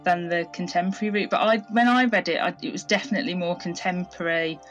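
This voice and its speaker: A woman's voice: fairly low pitch, quick pace, lo-fi sound, soft background music. A woman from Birmingham with a Birmingham accent, guest-hosting a casual chat and laughing often. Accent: Birmingham English. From England. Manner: giggly, chatty, laughs often. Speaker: guest host.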